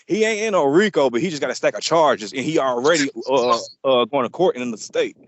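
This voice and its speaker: A man co-hosting a podcast, laying out news in relaxed casual chat. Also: mid-range voice, a little fast, no room sound. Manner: relaxed, explaining news offhandedly. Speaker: podcast co-host.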